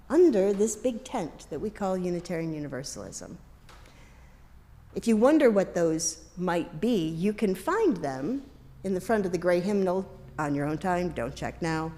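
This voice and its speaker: Woman pastor preaching, warm mellow voice, chatty with little jokes, long reverb like a big hall. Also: mid-range voice. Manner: conversational, with light asides and gentle humor. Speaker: minister. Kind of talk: sermon. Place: congregation's worship hall.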